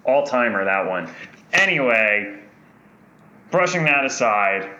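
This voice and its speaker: Bright-voiced man co-hosting a podcast. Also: on the low side, moderate pace, roomy sound, muffled recording, slight background noise. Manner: joking, deadpan asides. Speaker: podcast co-host. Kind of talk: casual comedic chat.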